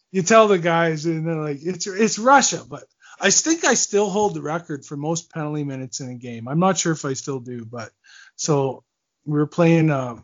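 Guy in his 40s, kinda high voice, laughy rambling storyteller, muffled podcast sound. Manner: rambling, laughing, lots of fillers and restarts. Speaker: guest, former pro hockey player. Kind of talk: storytelling in a casual interview.

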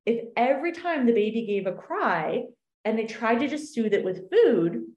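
A woman coach explaining an exercise in an animated podcast chat, acting out little voices in her examples. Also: on the high side, moderate pace, highs cut off. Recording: roomy echo.

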